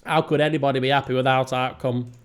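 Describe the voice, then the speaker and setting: A man from England with a Northern English accent hosts a strategy game let's play, giving casual gameplay commentary that rambles and mocks himself. His mid-range voice is smooth and fast, with little pitch movement.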